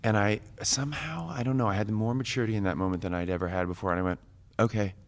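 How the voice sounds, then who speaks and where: A man in his forties, a guest on a live podcast, telling a personal story with lively acted-out quotes and bursts of laughter. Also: fairly low pitch, fast talker.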